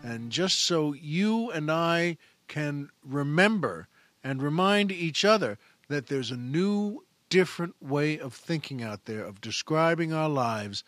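A man's voice: a little high, animated, slow pace, a bit bright, no room sound, soft background music. A man hosting a show, telling a joke in a chatty, folksy, self-amused way. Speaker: radio host. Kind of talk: casual storytelling monologue.

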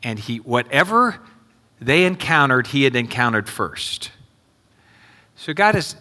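Bright-voiced man preaching in a reverberant hall. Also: a little high. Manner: earnest, repeats questions to the congregation. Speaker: pastor. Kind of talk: sermon. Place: church sanctuary.

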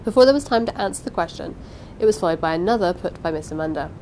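Woman reading an old novel then chatting about it, lively, bit of low rumble behind. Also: quick pace, poor audio. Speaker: reader. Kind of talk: reading a novel aloud, then casual commentary.

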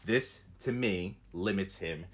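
A man's voice: low voice, takes it slowly. A man doing a casual live stream, showing action figures up close and chatting with viewers in a rambling way, with lots of fillers. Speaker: toy collector streamer.

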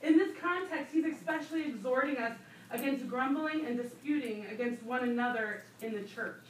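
Woman Bible teacher, high voice, chatty and emphatic, distant mic in an echoey church. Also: normal speed, a little hiss or hum. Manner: conversational, laughing asides, emphatic repetition. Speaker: women's Bible study teacher. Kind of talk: sermon teaching. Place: church room.

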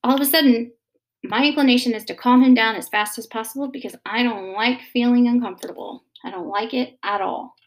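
A woman, in her thirties, talking casually and gently about parenting, with many pauses and fillers. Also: on the high side. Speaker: mother giving parenting advice. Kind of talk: casual advice talk.

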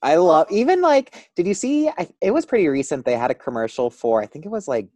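A man co-hosting a podcast in casual chat, delivering things enthusiastically with quick asides. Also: fairly high pitch, sing-song, mellow. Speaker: podcast co-host.

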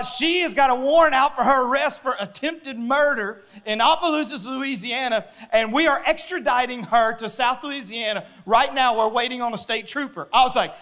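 A man, preaching a sermon as pastor and telling a story with lively acted-out voices. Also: very high voice. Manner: animated storyteller, acting out voices, laughing.

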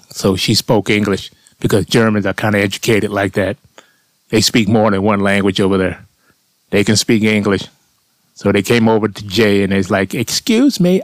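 Deep-ish male storyteller, dry close recording, blunt, profane, street-casual monologue. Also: dry recording. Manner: blunt, profane, conversational with "man" tags. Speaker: storyteller vlogger.

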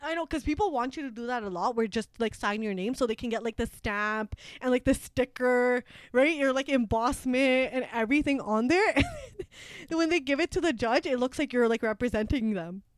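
A woman's voice: a little high, expressive, moderate pace, no room sound. A young woman in her twenties, a law student, telling a story in casual chat with lots of fillers, acting out quotes, laughing often.

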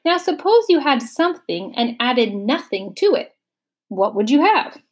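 A woman's voice: high voice, big pitch swings, a little slow, slightly rough, full character voice. A woman voicing a pleased, lecturing many-faced male figure in a storybook reading.

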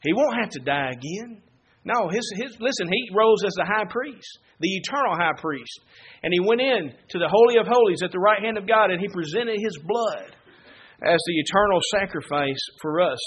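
A man preaching a sermon, moving from quiet Bible teaching to loud, fervent exhortation. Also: high-pitched, lively intonation, moderate pace, slight background noise.

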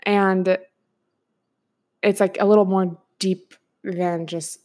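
A woman's voice: medium pitch, flat delivery, slow pace, a little mellow. A young woman in her twenties hosting a solo podcast, talking casually and rambling with lots of filler words and frequent laughs. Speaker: podcast host.

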